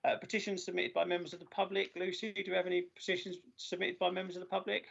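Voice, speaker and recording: Gravelly man chairing a council meeting. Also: high-pitched, monotone, fairly bright tone. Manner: halting, many filler sounds. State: losing his voice. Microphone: video call. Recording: dull lo-fi video call audio.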